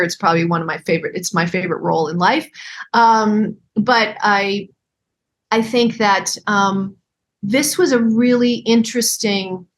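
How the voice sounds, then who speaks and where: A woman guesting on a podcast interview, talking in a reflective, halting way with fillers and restarts. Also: mid-range voice, a bit bright, a little hiss or hum. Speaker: guest actress. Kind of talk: casual interview chat.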